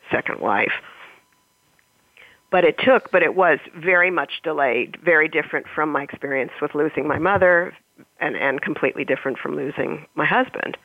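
A woman author in an interview, speaking thoughtfully with halting pauses, then reading aloud from her own novel. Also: sits low, no room sound. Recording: tinny phone line.

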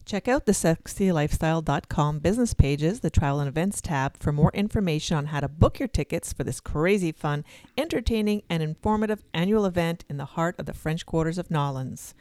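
Low-voiced woman co-hosting a podcast. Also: expressive, fairly quick, a little mellow, no room sound. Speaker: podcast co-host.

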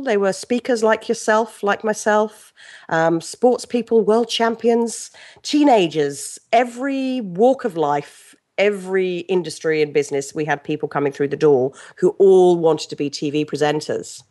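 A middle-aged woman with an English accent, a guest telling stories in a lively, chatty way with many restarts. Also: medium pitch, moderate pace. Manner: chatty, animated storyteller with frequent restarts and laughs. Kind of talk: casual interview chat.

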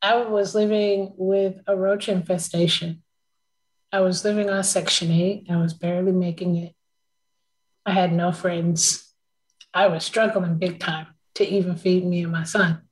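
A woman's voice: on the low side, fairly even intonation, a little slow, poor audio. A woman talking in a casual conversation, telling a personal story with emotion and frequent laughter.

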